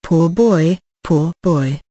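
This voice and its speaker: An audiobook narrator voicing a kindly, fussy elderly gentleman who sounds brisk and a little hoarse. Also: mid-range voice, dry recording, lo-fi sound. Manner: brisk, gruff, clears his throat. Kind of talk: audiobook character reading.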